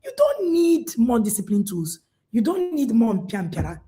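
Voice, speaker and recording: A woman's voice: on the high side, sing-song, normal speed, warm tone, a little hiss or hum. A woman, a parenting coach giving an emphatic live talk, often repeating herself. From Nigeria. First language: Igbo.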